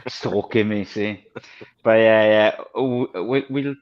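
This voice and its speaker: A man's voice: fairly low pitch, slow. A man with a Welsh accent chatting casually on a video call, talking readily and laughing often. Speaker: panelist. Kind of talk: casual chat. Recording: slightly muffled lo-fi audio.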